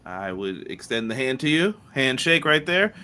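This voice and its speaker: This man's mid-range voice is clear and resonant, very animated, and moves at a normal speed. Co-hosting a wrestling podcast, he casually reads chat messages aloud and shouts out viewers by name in upbeat live-stream chat.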